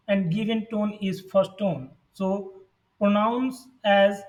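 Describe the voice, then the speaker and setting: Male language teacher, high voice, very slow and deliberate, mic a little distant. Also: fairly even intonation. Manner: deliberate, reading sounds out one by one. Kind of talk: pronunciation lesson. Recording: voice set back from the mic.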